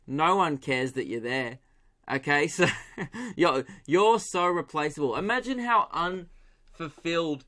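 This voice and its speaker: A man's voice: a little high, pushed and bright. A young Australian man hosting a solo comedy podcast, ranting with swearing and laughing at his own jokes.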